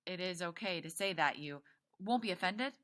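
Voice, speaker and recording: A flustered, chatty mother who rambles on and trips over her own words, as a teacher reads her. She talks loudly and brightly, and the words pile up on top of each other. She sounds like a nervous storybook grown-up. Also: lowish voice, expressive, moderate pace.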